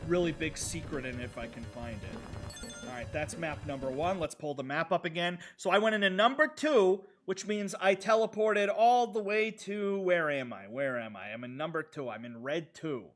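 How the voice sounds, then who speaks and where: A man streams a retro video game, rambling casually to himself and chatting with his viewers as he plays. His voice is a little high and animated, at a moderate pace, with faint music in the background.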